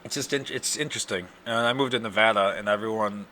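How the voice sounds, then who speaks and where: A young man with an Upper Midwest accent, hosting a casual solo podcast, ranting and cursing in loud outbursts, his throat dry from yelling. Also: fairly low pitch, fast talker, a little hiss or hum. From Wisconsin. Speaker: podcast host.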